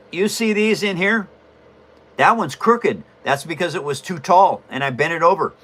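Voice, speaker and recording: A man with a high, fairly bright voice hosts a live stream, chatting casually as he builds a paper model and answers viewers. He's chatty and self-amused, explaining his work as he goes.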